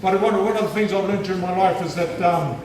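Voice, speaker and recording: A man's voice: high voice, fast talker, far from the mic, background noise. New Zealand man telling a story in an echoey hall. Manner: lively, humorous storyteller. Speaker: guest speaker at a school assembly. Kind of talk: storytelling speech. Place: large school hall.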